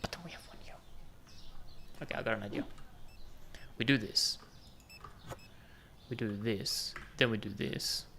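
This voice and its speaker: A man's voice: on the low side, unhurried, creaky, long pauses, sharp tone, a little hiss or hum. A man giving casual, jokey commentary while playing a game, bantering with the customers on screen. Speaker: gaming video host.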